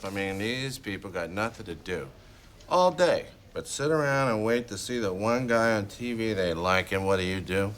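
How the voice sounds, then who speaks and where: A man's voice: on the low side, animated, normal speed, fairly bright tone, a little hiss or hum. An actor playing a blunt, sarcastic male boss scolding an employee, in a sitcom with audience laughter.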